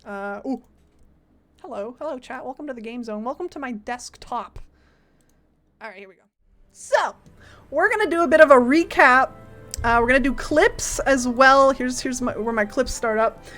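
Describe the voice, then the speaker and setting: A young woman from Canada chatting casually on a livestream, giggly and excitable, swearing casually as she talks. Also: a little high, normal speed, soft background music. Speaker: streamer.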